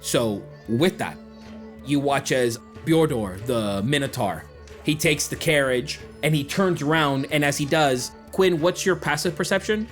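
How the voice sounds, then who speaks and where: A man's voice: fairly high pitch, unhurried, faint music behind. A man narrating a tabletop game as game master, describing scenes with lots of fillers.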